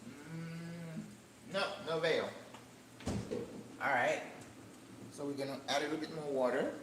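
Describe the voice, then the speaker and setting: An older woman hosting a cooking channel, chatting casually as she cooks in her home kitchen, rambling and breaking into excited high notes. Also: measured pace. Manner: chatty, rambling, with sudden excited jumps in pitch. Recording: echoey room with faint background hum.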